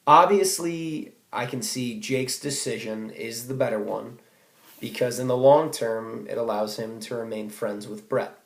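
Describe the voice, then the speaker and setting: A man's voice: mid-range voice, moderate pace, reverberant. A teenage boy reading out a comic personal essay for school, wry and self-mocking, with sudden outbursts. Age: teens. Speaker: student giving a speech.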